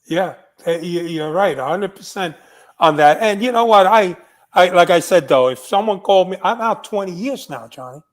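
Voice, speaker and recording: Older man, high voice, blunt, emphatic storyteller, podcast chat. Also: lively intonation, normal speed. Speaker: retired undercover FBI agent. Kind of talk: podcast conversation.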